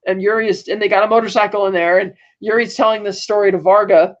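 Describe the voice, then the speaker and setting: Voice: medium pitch, fairly even intonation, quick pace, muffled recording. A podcast co-host in a casual, rambling recap of a TV episode, acting out the characters' lines in quoted voices. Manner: rambling with frequent fillers and self-corrections.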